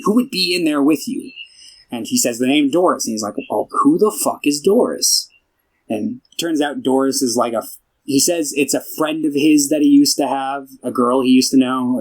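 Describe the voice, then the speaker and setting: A young man chats through a film's plot on a casual podcast. He rambles and stops to act out each character's lines. His pitch sits at an ordinary middle level. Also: rough recording. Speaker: podcast co-host. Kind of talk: casual film podcast chat.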